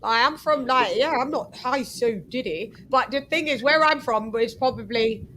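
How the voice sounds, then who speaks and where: A woman with a London accent hosts a casual online panel. Her voice is bright and a little high. She talks in loose, chatty runs full of restarts, over a faint hiss of room ambience. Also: normal speed. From West London, England. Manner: chatty, with many restarts and "you know"s. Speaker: host of an online talk panel. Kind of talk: casual chat.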